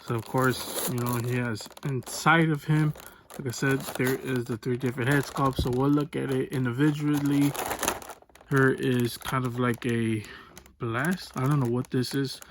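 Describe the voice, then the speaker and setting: A man from the United States hosting a casual toy unboxing vlog, rambling and relaxed, often saying "so there's that". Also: medium pitch, measured pace, noisy background. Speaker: toy unboxing channel host. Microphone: phone or webcam on desk.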